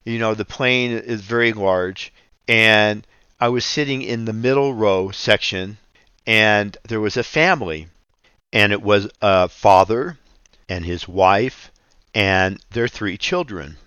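Guy doing a slow earnest radio bible talk, low smooth voice, kinda dull lo-fi sound. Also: sharp tone, dry recording. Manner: slow, earnest, reads scripture aloud. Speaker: radio ministry host. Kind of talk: radio devotional teaching.

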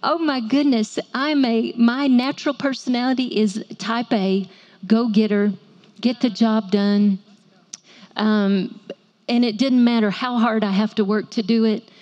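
A woman's voice: a little high, fairly even intonation, a little slow, a little mellow, dull audio. A woman, preaching to women with playful asides and call-and-response. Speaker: women's ministry speaker. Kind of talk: sermon to a women's audience.

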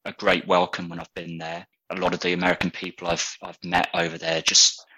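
A man's voice: low voice, monotone, fairly quick, sharp tone, husky, dry recording, rough recording. A British man, a guest in a casual interview, talking thoughtfully with frequent restarts. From Britain.

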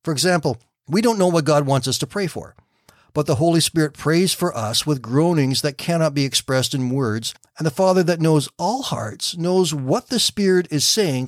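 A man hosting a short morning devotional, calmly telling a story and explaining a Bible passage. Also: fairly high pitch, dry recording, clean studio sound. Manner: calm, reassuring storytelling. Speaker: devotional radio host.

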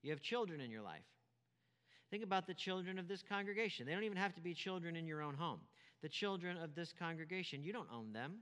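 A man's voice: fairly high pitch, expressive, fast talker, a bit bright, clear, resonant tone, in a large hall. A man preaching a sermon as pastor, emphatic, repeating key phrases and asking rhetorical questions.

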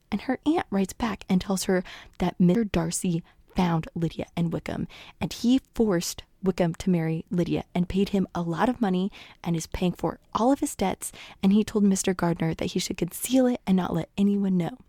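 A woman's voice: on the low side, mellow, no room sound, clean studio sound. A young woman casually retelling a novel's plot, playfully acting out the characters' lines and laughing often. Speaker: guest summarizing a novel.

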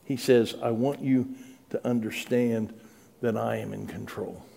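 A middle-aged man preaching a sermon, earnest and pleading, building to loud dramatic peaks when he tells the story. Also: medium pitch, fairly even intonation, a little slow, gravelly.

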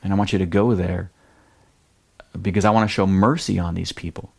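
A preacher doing a low, quiet voice of God. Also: male voice, steady tone, fairly quick, creaky. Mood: solemn. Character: God, calm, firm and commanding.

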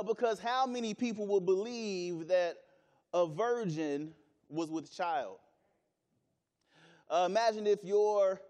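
A man's voice: high-pitched, darkish tone, in a large hall. A man preaching a sermon, earnest and repeating phrases for emphasis.

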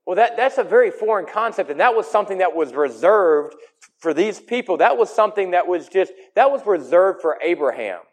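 A man preaching a sermon in an emphatic way, his voice swinging between loud and soft. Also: high voice, animated, fairly quick.

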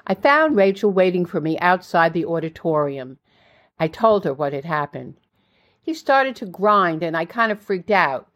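An older woman narrating her own memoir in a plain, steady storytelling way. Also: fairly low pitch, moderate pace.

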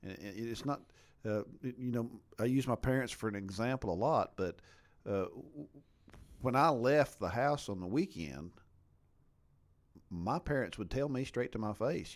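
A man's voice: fairly low pitch, normal speed. A man in a casual faith discussion, speaking steadily and affirmingly with small stumbles. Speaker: discussion partner.

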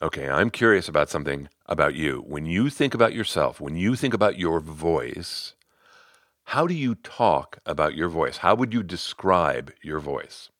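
A man's voice: rumbling low, lively intonation, normal speed, a bit bright, no echo, clean studio sound. A man, a voice coach and podcast host, narrating and talking to listeners in a conversational, playfully demonstrative way.

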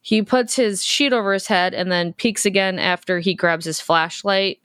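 A woman in her thirties co-hosting a podcast, recapping a horror film in a lively, profane, joking way. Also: mid-range voice, moderate pace, smooth, dry recording, clean studio sound. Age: 30s. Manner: profane, animated storytelling. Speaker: podcast co-host.

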